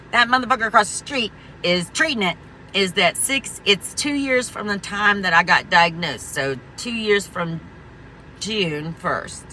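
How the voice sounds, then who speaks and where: A woman's voice: low voice, pushed and bright, slight background noise. A woman vlogging an angry, profane rant, emphatic and rambling, full of restarts. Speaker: veteran vlogger.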